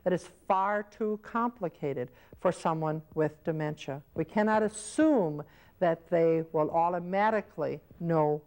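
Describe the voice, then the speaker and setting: A woman with a somewhat low voice delivers an instructional lesson for caregivers. She explains patiently, step by step, and now and then acts out little example scenes. The sound comes from an old VHS training tape. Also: darkish tone. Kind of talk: instructional video lecture.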